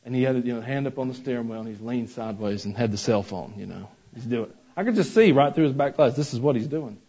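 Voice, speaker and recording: A man's voice: mid-range voice, expressive, quick pace, dark tone, slightly rough, muffled recording. A man preaching a sermon as pastor, mixing scripture with folksy personal stories and asides to the congregation.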